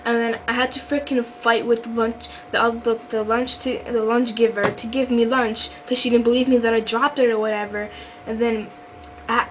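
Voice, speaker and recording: Teen girl vlogging, talks in circles with lots of likes, kinda high voice, light hiss behind. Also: poor audio. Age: teens. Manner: rambling, filler-heavy, many restarts. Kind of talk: casual rambling vlog.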